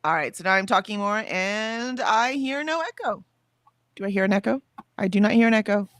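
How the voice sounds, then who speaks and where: A woman's voice: mid-range voice, lively intonation, a little fast, dry recording. Chatty Southern woman reading stream chat. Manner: chatty, laughs easily, reads chat aloud. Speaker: stream co-host. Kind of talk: casual chat. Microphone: headphones with mic.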